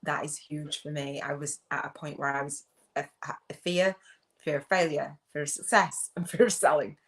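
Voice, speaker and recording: A middle-aged woman speaks to her livestream viewers in a low voice. She is earnest and openly emotional, repeats her phrases, and guides them through journal prompts. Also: steady tone, normal speed. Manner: reads out viewer comments. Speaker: spiritual business coach and host.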